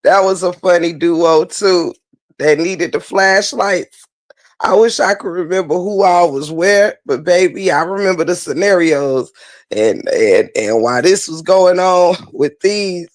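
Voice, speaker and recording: A man's voice: sits high, measured pace, dry recording. A man hosting a casual recap for viewers, laughing so hard he cries and calling everyone "child" and "baby". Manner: laughing hard, crying with laughter, drawling Southern slang. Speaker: host.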